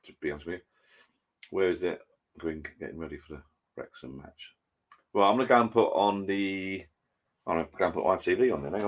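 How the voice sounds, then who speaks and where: Older man with a low voice, chatty livestream host who rambles casually from his home bar. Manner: chatty, rambling, reads viewer comments aloud. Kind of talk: casual live chat.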